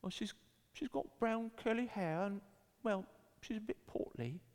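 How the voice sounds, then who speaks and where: A man's voice: high voice, a little slow, long reverb tail, background noise, pitched above the performer's own voice. A man voicing a lost little boy with a British accent, blunt and polite. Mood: plain. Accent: British, put on.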